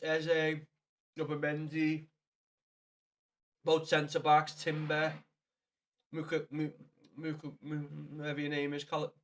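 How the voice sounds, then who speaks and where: Man streaming a football game, slightly high voice, chatty and sweary. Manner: chatty, swears a lot, calls viewers lad. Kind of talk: casual live-stream chat.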